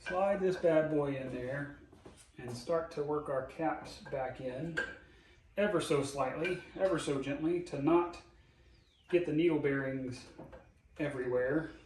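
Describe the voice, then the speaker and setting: Guy fixing his car and talking thru it, folksy and jokey, kinda high voice, mic far off in a roomy garage. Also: unhurried, darkish tone, a little hiss or hum. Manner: folksy, jokey, explains each step aloud. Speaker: DIY car repair host. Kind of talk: casual how-to narration while working. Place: home garage.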